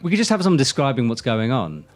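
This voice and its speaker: A man's voice: medium pitch, huge pitch swings, fast talker. A man co-hosting a climbing news show, bantering and laughing easily. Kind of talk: casual chat.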